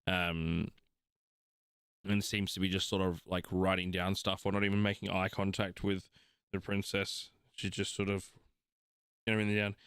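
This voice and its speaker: A young Australian man narrating as game master, unhurried and full of fillers. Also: sits low, flat delivery, a bit bright, clean tone, no room sound, studio quality.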